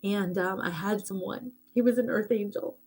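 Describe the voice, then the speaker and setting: A woman's voice: mid-range voice, moderate pace, a little mellow, husky. A middle-aged woman hosting a live stream, chatting casually and heartfeltly, rambling a little and thanking viewers for gifts.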